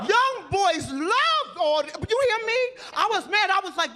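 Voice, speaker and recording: A woman comic works a club stage with brash, animated storytelling and a New edge. Her voice sits very high and swings widely in pitch. A loud live crowd laughs around her. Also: unhurried, few pauses. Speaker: stand-up comic. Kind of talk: stand-up comedy set.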